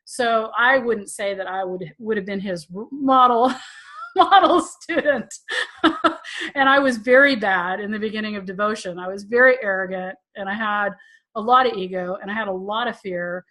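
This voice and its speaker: A woman's voice: mid-range voice, a little fast, pushed and bright. A woman tantra teacher hosting a live Q&A, telling stories in a chatty, self-mocking way and laughing often. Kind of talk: casual storytelling to a live audience.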